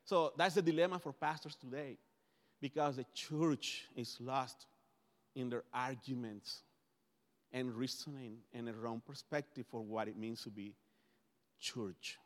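A man's voice: medium pitch, measured pace. A man whose first language is Spanish, preaching a conversational sermon as pastor, often restarting his phrases. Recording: long hall reverb.

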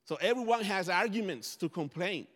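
A man's voice: high-pitched, animated, normal speed, a bit bright. A man whose first language is Spanish, preaching a conversational sermon as pastor, often restarting his phrases. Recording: long hall reverb.

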